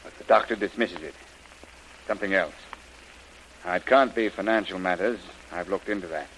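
In a crackling vintage radio play, a man with a low, slightly bright voice portrays an anxious middle-aged governor. His delivery is measured and fatherly, broken by hesitant pauses, in the manner of 1930s radio drama, and the recording is rough.

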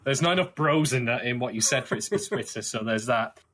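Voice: mid-range voice, fast talker, a bit bright, slight background noise. A podcast co-host in casual chat, emphatic and profane while complaining about a scene.

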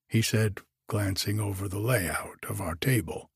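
A man reading a story aloud in a measured audiobook narration. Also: on the low side, no echo, clean studio sound. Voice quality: husky.

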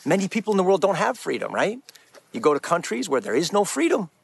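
A man's voice: sits high, sing-song, fast, gravelly, breathy edge. A man giving an earnest, emphatic preaching talk as a Christian speaker, restarting his phrases often.

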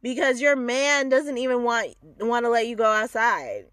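A woman's voice: on the high side, normal speed, fairly bright tone, clear, resonant tone, dry recording, clean studio sound. A woman from the American South hosting a podcast, giving candid, profane, opinionated commentary on a TV series and laughing often. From Southern United States. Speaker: podcast host reviewing a TV series. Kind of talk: casual solo podcast commentary.

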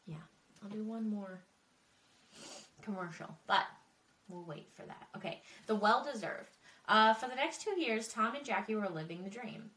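A woman's voice: mid-range voice, moderate pace, pauses often, pushed and bright, reverberant, distant mic. A woman hosting a true crime podcast, talking casually with frequent swearing and emotional asides. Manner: chatty, swearing, emotional and tearful. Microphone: desk microphone.

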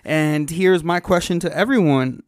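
Man, slightly high voice, teasing casual host who keeps asking questions, dry close sound. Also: a little slow, clear, resonant tone, no room sound. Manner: playful, teasing, moves the talk along with questions. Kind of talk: casual podcast chat.

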